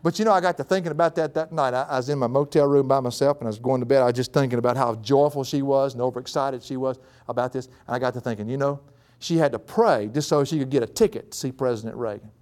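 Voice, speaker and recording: Before a live crowd, a middle-aged preacher delivers a folksy sermon built around a family story, laughing frequently as he goes. He's a fast talker whose pitch rises high in excited moments.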